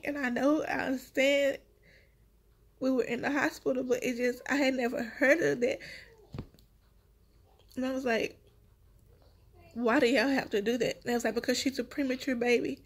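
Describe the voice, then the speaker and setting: A woman talks straight to her viewers in a casual, emotional vlog. Her voice is a little high and husky. She has just had a baby and tells her story at an unhurried pace. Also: fairly even intonation. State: one week after giving birth. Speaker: vlogger, new mother.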